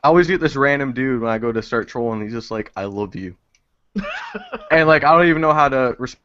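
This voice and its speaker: Excitable swearing man, lo-fi audio. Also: mid-range voice, fast, clean tone. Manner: excitable, swears a lot, acts out game rants. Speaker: podcast co-host. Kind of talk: casual chat.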